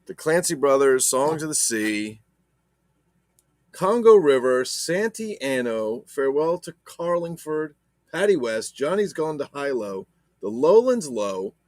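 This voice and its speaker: Brief: man doing a hammy, jolly mock-Irish sea-song crier, thick put-on brogue, stretched sing-song words, lively pitch. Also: measured pace, dry recording. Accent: put-on Irish, self-admittedly poor.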